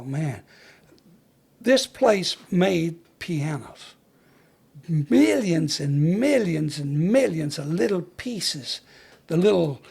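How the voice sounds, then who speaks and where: Older man, retired fire chief type, spins folksy yarns in a husky, high-set voice. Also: a little mellow. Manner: folksy storyteller who acts out the dialogue he recalls. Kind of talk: storytelling interview.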